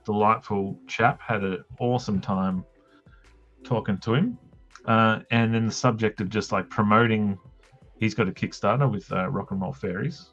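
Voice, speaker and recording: Male streamer, lowish voice, dull lo-fi sound with faint music, casual self-deprecating storyteller. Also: steady tone, fairly bright tone. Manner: self-mocking, jokey anecdotes with quick voiced quotes. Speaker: host of a drawing live stream.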